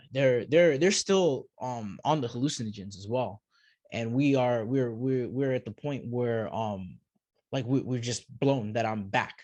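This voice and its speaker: A man speaks as a podcast guest recounting his own story, starting and restarting phrases and repeating words before he finds the next thought. His voice sits at an ordinary middle pitch, and the sound is close and dry, with no room around it. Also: darkish tone, no echo. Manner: halting, repeats words while searching for them. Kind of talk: personal storytelling.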